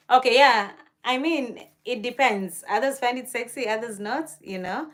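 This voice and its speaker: This livestream host is a young woman from Kenya whose slightly high, somewhat bright voice moves at a normal pace with hardly any pauses. Gushing and laughing a lot, she talks about places she'd like to visit and responds aloud to viewer comments.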